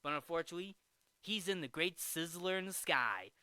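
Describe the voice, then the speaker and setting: A man's voice: fairly high pitch, lively intonation, fairly quick, pushed and bright, clean tone, no echo. Man doing a smug taunting heckler. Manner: mocking, taunting.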